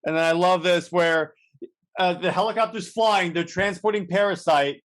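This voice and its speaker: Speaking at a moderate pace in a high, fairly bright voice, a male podcast co-host rambles through a comic recap. He restarts frequently and performs the characters' quotes.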